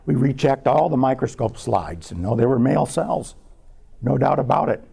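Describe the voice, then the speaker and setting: Gravelly man telling a lab story. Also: mid-range voice, warm tone. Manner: measured, anecdotal storytelling. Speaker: scientist giving a public talk. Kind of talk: lecture told as a personal story.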